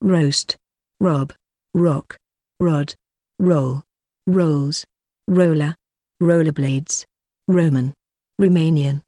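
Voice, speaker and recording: A woman reading a vocabulary list aloud, one word at a time with pauses between. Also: low voice, fairly even intonation, mellow, dry recording, clean studio sound. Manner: slow, evenly paced, one word at a time.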